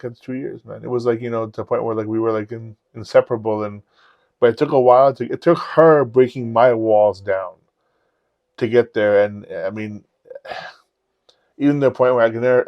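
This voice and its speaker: A man on a podcast telling personal stories in a candid, profane, animated way. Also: fairly low pitch, dry recording, highs cut off. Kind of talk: casual storytelling chat.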